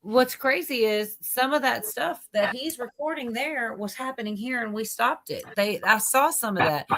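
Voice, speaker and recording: Bright-voiced woman hosting a livestream. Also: on the high side, expressive, moderate pace. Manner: laughs often, playful. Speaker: livestream host. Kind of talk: casual chat.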